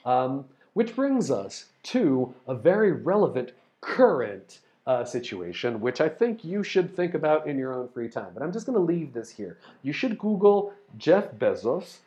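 A man hosting a casual explanatory monologue, rambling through ideas, spelling out words and filling pauses with ums and restarts. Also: a little high, big pitch swings, dark tone, dull audio. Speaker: host explaining topics to listeners.

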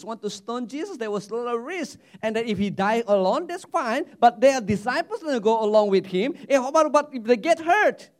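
Male pastor, high and very lively pitch, animated sermon delivery with repeats. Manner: animated preaching with repeated words and restarts.

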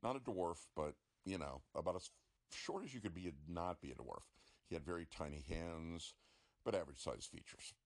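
Middle-aged man, deep and gravelly, dry sarcastic storyteller with lively ups and downs. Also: moderate pace. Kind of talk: casual storytelling monologue.

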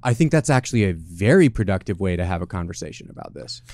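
A man's voice: sits low, very animated, darkish tone, no room sound. A man co-hosting a casual podcast, explaining his view carefully and checking with the others. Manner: measured, explains carefully with many "right?" checks. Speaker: podcast co-host. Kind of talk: casual chat.

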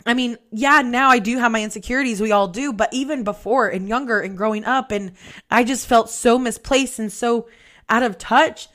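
A woman's voice: on the high side, moderate pace, a bit bright. A woman hosting a podcast, giving a blunt, emphatic motivational monologue and swearing freely. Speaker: podcast host.

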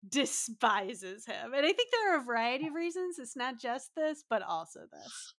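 A woman's voice: high-pitched, very animated, a bit bright, dry recording, clean studio sound. Playful young woman podcast cohost. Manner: playful, jokey, quick asides. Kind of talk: casual recap chat.

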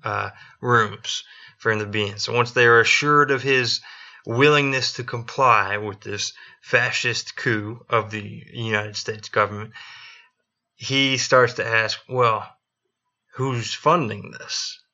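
A man's voice: fairly low pitch, fairly even intonation, unhurried, bright, forceful tone. A man telling a history story on a casual podcast, swearing often and acting out quotes. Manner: profane, joking, acts out quotes. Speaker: podcast co-host. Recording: dull lo-fi recording.

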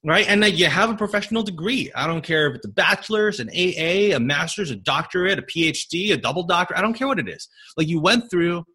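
A man's voice: high-pitched, breathy edge. A man in his thirties, a physical therapist speaking English as a non-native language, chatting casually on a podcast with lots of fillers, restarts and laughter. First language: not English. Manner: animated, many fillers and restarts, quick to laugh.

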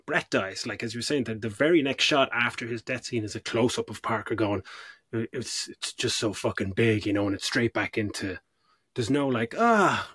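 A husky, breathy man talks through a film on a podcast. He swears freely and acts out scenes as he goes. His voice is dry and close, with no room sound. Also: medium pitch, a bit bright, dry recording. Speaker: podcast co-host. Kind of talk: casual film discussion.

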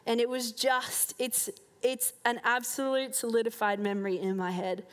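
A woman giving a heartfelt personal faith testimony to a church gathering, earnest and sincere, with soft laughs now and then. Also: a little high, level tone, moderate pace.

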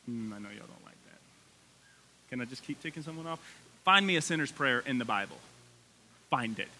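A man in his thirties preaching a sermon in a church sanctuary, folksy and animated, his excitement building as he talks. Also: mid-range voice, brisk, slight background noise. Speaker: pastor.

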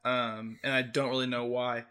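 A young co-host in his twenties tells a humorous story on a laid-back podcast, animated and laughing through it. His medium-pitched voice is clear and resonant, at a normal speed.

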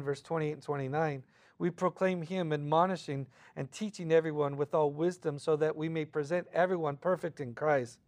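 A man preaching a conversational sermon, casual and animated, acting out quoted voices between frequent fillers. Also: on the high side. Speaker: pastor.

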